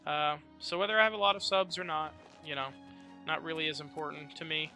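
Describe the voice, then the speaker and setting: Cursing male gaming streamer, gravelly. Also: on the high side, a little fast, pushed and bright. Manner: profane, swearing at enemies. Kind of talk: live gameplay commentary. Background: game music.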